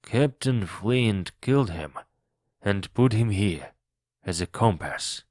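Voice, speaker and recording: A man's voice: on the low side, lively intonation, slow pace, a little mellow, no room sound, clean studio sound. A man voicing a superstitious, frightened pirate who speaks fearfully, in an audiobook reading for learners. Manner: fearful, anxious.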